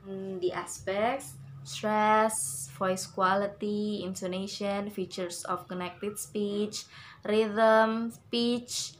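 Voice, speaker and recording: Very slow, halting woman presenting. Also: mid-range voice, fairly even intonation, a little hiss or hum, rough recording. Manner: halting, many pauses and fillers. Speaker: student presenter. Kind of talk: class presentation on English stress.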